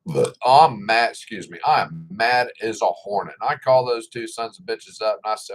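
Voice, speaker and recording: A man's voice: fairly low pitch, normal speed, poor audio. A middle-aged man giving a casual opinion monologue, blunt and indignant, with sarcasm and swearing. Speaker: political commentator.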